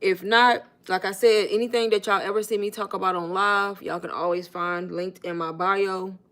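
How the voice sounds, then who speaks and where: A woman's voice: mid-range voice, fairly even intonation, moderate pace, fairly bright tone. A chatty woman talks straight to her viewers on a livestream she runs from her phone. Her speech is loose and informal, and she keeps calling them "y'all" as she coaches them. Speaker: online business coach. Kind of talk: casual livestream talk to viewers.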